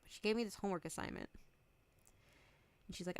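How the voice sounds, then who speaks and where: A woman's voice: fairly low pitch, steady tone, fast talker, creaky, pauses often, clean tone, no room sound. A woman in her twenties chatting candidly on a stream. She swears freely, laughs often and acts out both sides of the conversations she retells. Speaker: VTuber streamer. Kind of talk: casual chat stream.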